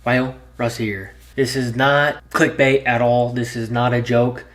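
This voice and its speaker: A man's voice: medium pitch, fairly even intonation, measured pace, few pauses, a bit bright, a little hiss or hum. A man telling a personal story in a storytime vlog, earnest and candid, plain spoken and swearing freely. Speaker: YouTuber.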